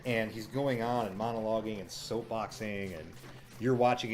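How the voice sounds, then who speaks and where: A man casually reviewing a show, chatty and cynical, with frequent fillers, breaking into quick impressions of lines he quotes. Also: lowish voice.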